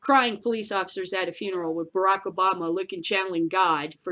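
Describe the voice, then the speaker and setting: A woman hosting a news commentary show, ranting bluntly and profanely, going from loud outbursts to low muttering. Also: steady tone, fast. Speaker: podcast host.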